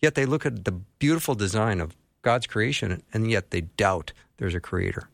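A man's voice: lowish voice, lively intonation, normal speed, vocal fry, dry recording. A male radio talk show host on a Christian station, chatty and joking, speaking into a studio microphone. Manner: chatty, joking, plugs phone line.

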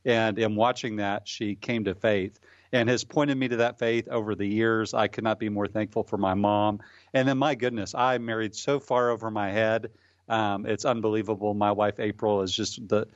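A man speaking as a radio guest, explaining his views thoughtfully with frequent pauses. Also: fairly low pitch, little pitch movement, dry recording, lo-fi sound. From Michigan. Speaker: guest commentator. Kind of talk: radio interview.

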